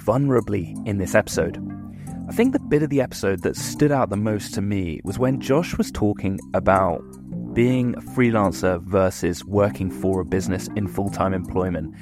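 A man hosting a podcast in a relaxed, chatty, self-deprecating way, asking questions and wrapping up the episode. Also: lowish voice, normal speed, over music. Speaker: podcast host. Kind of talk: casual podcast chat and outro.

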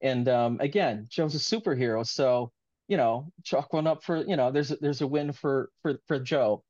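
A man's voice: mid-range voice, moderate pace, a little mellow, no room sound, highs cut off. A man being interviewed as an author, talking in an earnest, rambling, heartfelt way in casual conversation.

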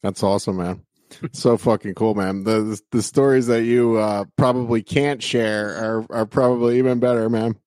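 A man's voice: lowish voice, steady tone, moderate pace, darkish tone, no echo. Laid-back swearing podcast host man. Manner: casual, swears, many fillers. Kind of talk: casual interview.

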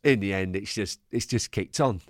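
A man, a former footballer, telling a funny anecdote as a podcast guest in a lively storytelling manner. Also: fairly low pitch, normal speed, dry recording, studio quality. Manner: lively storyteller, jumps into voices.

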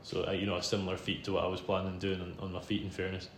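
A Scottish man tells a long personal story in a casual podcast chat. He is self-deprecating, laughs a lot, and sits a bit low in pitch. His voice rings in a roomy space over a faint hum. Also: completely flat delivery, rapid-fire. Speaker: podcast host interviewed as guest. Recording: roomy room sound with faint background hum.

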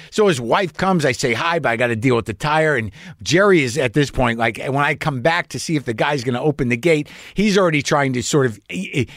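A man's voice: fairly high pitch, no room sound, studio quality. A man who is a comedian, telling a rambling, profane, anxious story as host of his own show. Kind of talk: storytelling monologue.

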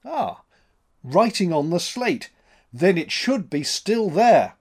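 A man voicing a gruff, skeptical male sea captain in a spoken story, brusque and commanding. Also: high-pitched, big pitch swings, slow, pitched above the performer's own voice, full character voice.

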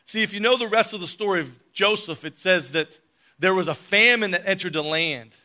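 Bright-voiced male preacher telling a story. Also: high-pitched, brisk. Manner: storytelling with big swings in loudness. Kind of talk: sermon.

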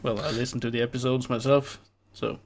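Gravelly Norwegian man, hesitant podcast co-host. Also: mid-range voice, little pitch movement, fairly quick. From Norway. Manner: hesitant, many "uh" fillers. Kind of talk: casual podcast chat.

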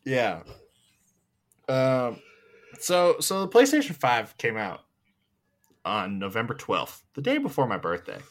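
A young man co-hosting a podcast in casual chat, telling a story in an animated, blunt way and cursing freely. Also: medium pitch, takes it slowly, long pauses. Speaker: podcast co-host.

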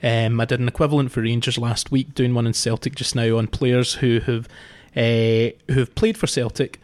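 A man speaks on a casual football podcast. His voice sits at a middle pitch, and he is steady and dry as he lays out quiz questions one by one. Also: normal speed. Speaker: podcast regular, quiz setter.

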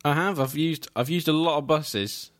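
A man's voice: on the high side, moderate pace. A man, co-hosting a podcast and bantering with teasing asides. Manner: teasing, laughs often. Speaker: podcast co-host. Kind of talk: casual banter.

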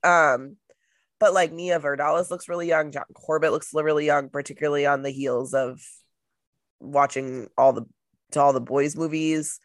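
A woman's voice: sits low, steady tone, normal speed, dry recording, studio quality. A woman co-hosting a casual podcast chat, easygoing and agreeable with hesitant fillers. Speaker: podcast co-host.

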